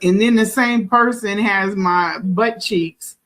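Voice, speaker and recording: Slow halting woman telling a story. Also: medium pitch, fairly bright tone, poor audio. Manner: halting, restarts, nervous laughs. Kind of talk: casual storytelling.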